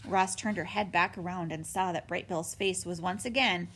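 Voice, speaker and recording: A woman narrating a children's book in an expressive storytelling manner. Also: fairly low pitch, moderate pace, creaky, husky. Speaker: audiobook narrator.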